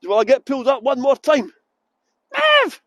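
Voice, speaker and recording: Speaking at a moderate pace in a very high-pitched voice, a middle-aged Scottish guide livestreams a walking tour of city streets, chatting cheekily and welcoming viewers via a phone on a gimbal. The recording is dry, with the high frequencies cut off.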